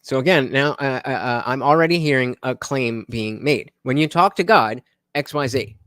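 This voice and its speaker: A man of ordinary pitch hosts his own live stream and comments on a debate recording. He talks in a loose, halting way, full of fillers and restarts. His voice is dry, with no room echo around it. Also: fairly bright tone.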